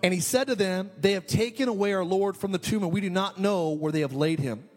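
Man, pastor, sermon, high voice, rhetorical questions, repeats phrases. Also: a little fast. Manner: preaching with rhetorical questions and repetition.

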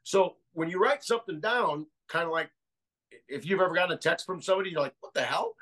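A man's voice: sits high, fast talker, a bit bright, poor audio. An American man as a podcast guest, talking casually and rambling through ideas with many restarts. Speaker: guest researcher.

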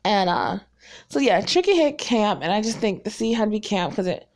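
A woman's voice: medium pitch, very animated, moderate pace. Woman, about forty, from North Carolina. Casual vlogger, rambling, candid, laughs a lot. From North Carolina, raised in Virginia. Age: around 40. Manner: rambling, chatty, laughs often; frank and self-deprecating. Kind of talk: casual chat to viewers.

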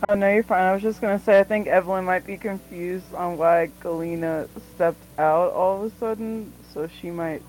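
A woman's voice: on the low side, fairly even intonation, normal speed, hardly any pauses, darkish tone, soft background music, low-quality recording. A woman playing a tabletop role-playing game, talking casually and reassuringly with plenty of fillers. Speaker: player.

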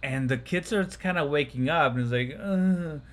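A man's voice: medium pitch, brisk, fairly bright tone. A man co-hosting a podcast, casually retelling a film scene by scene and laughing often. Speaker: podcast co-host. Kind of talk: casual chat recapping a film.

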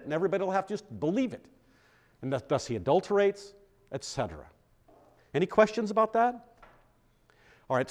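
Male pastor teaching bible class, kinda high voice, very up and down, chatty, keeps asking the group if it makes sense. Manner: conversational, checks in with questions to the group; self-deprecating humor.

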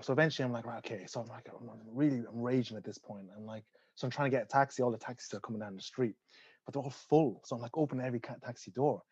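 A man's voice: medium pitch, fast talker, slightly rough, dry recording, muffled recording. Laughing Irish man telling a story. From Ireland. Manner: animated, laughing often, swearing. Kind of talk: casual storytelling.

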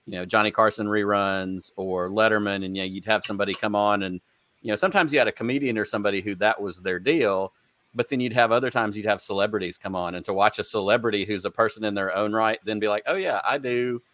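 A man's voice: on the low side, fast talker, fairly bright tone, no echo. Enthusiastic man hosting, dry close sound. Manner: enthusiastic, rambling storyteller. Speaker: podcast host. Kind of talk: casual interview chat.

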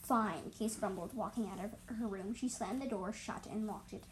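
A woman's voice: mid-range voice, normal speed, darkish tone, slight background noise, low-quality recording. A woman reading a fantasy story aloud, stumbling and correcting herself as she goes. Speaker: story reader. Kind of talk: reading her own fan story aloud.

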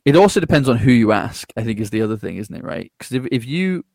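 A man talking as a podcast guest in a casual conversation. He is energetic, laughs often and acts out other people's replies. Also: mid-range voice, fast, gravelly, no echo, clean studio sound.

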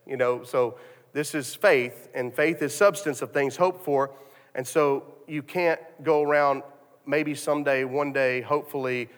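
A man's voice: mid-range voice, steady tone, unhurried. A man preaching a sermon, telling a story with many restarts and repeated words. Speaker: pastor. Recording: long hall reverb.

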